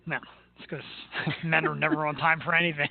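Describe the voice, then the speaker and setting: High-voiced chatty male sports host. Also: little pitch movement, a little fast, creaky, no echo. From Philadelphia. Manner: enthusiastic, chatty, laughs easily. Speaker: show host. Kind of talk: casual sports talk. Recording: tinny phone-like line with faint noise.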